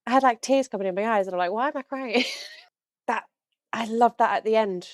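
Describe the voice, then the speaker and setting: A woman's voice: on the high side, brisk, no echo, clean studio sound. A young woman hosting a reaction video, talking casually and gushing, with lots of likes and ums.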